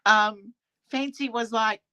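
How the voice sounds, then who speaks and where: A woman's voice: a little high, steady tone, takes it slowly, sharp tone, rough recording. A woman in casual gossip chat, talking freely and often laughing. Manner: chatty, laughs often, quotes others in put-on voices.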